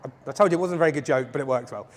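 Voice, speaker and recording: In an echoey large hall before an audience, a man leads a self-defense workshop, racing along in a fairly high-pitched voice. He's playful and jokey, often throwing questions to the group during his lecture.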